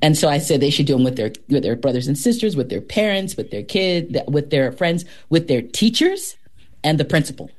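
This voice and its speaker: A professional storyteller speaks at a middle pitch as an interview guest. The delivery is dramatic and expressive, with sound effects worked into the tales. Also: a little fast.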